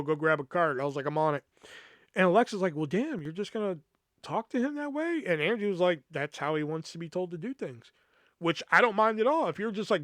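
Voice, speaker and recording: A man's voice: high-pitched, a bit bright, no room sound, clean studio sound. A young man hosting a podcast, telling a work story in a casual, profane way and acting out the quoted dialogue. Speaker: podcast host.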